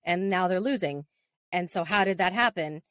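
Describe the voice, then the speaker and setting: A woman, co-hosting a podcast as a casual, animated storyteller who laughs often. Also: fairly low pitch, moderate pace, no echo, studio quality. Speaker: podcast co-host. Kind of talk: casual chat.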